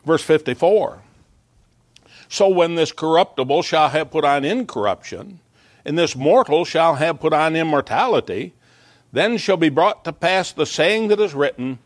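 A male pastor delivering a sermon in a fairly high voice. He speaks earnestly, building toward emphatic peaks, and sometimes breaks off into small stumbling asides. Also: expressive, a little slow, no room sound, studio quality. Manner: earnest preaching, rising to emphatic peaks, occasional self-interrupting asides.

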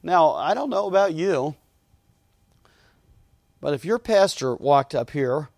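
A man's voice: fairly high pitch, lively intonation, slow pace, creaky, a little mellow, dry recording, studio quality. A man pastor preaching a sermon in a church, earnest and emphatic, often repeating his phrases.

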